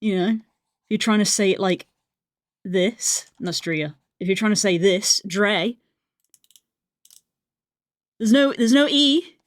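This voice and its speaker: A woman's voice: mid-range voice, slow pace, pauses often, no echo. Chatty woman streamer, dry close sound. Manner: rambling, chatty, laughs often. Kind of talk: casual chat while drawing on stream.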